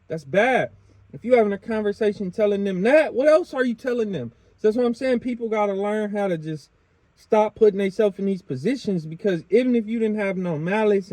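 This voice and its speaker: Male podcast host, blunt and argumentative, high-pitched and mellow, dry studio sound. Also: no echo. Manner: blunt, argumentative, street slang. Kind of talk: casual interview talk.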